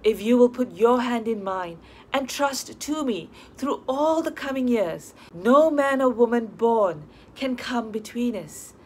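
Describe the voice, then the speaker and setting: A woman's voice: a little high, expressive, unhurried, a little mellow, a little hiss or hum, voice pushed up. A woman voicing an earnest young male lawyer, eager and insistent as he pleads his love in an audiobook. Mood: eager pleading.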